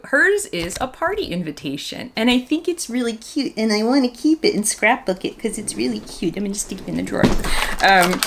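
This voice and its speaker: A woman in her fifties, a doll collector, telling stories and reviewing a doll in a chatty, animated way, full of "like" fillers. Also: mid-range voice, a little hiss or hum. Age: 50s. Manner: enthusiastic about the doll. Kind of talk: casual vlog chat and storytelling.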